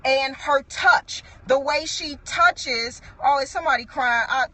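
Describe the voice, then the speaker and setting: High bright-voiced woman preaching. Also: measured pace. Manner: earnest, conversational preaching with frequent restarts and asides. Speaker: apostle preaching. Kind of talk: sermon.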